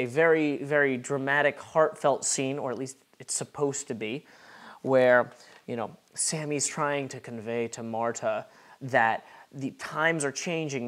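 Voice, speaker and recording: A man at mid pitch narrating a tabletop game as its game master. He tells the scene in a wry, storytelling way and drops quick asides as he goes.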